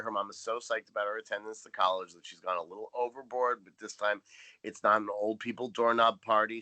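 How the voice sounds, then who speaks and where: A man's voice: fairly low pitch, sharp tone. A man co-hosting a podcast in casual chat, making dry, joking asides. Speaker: podcast co-host.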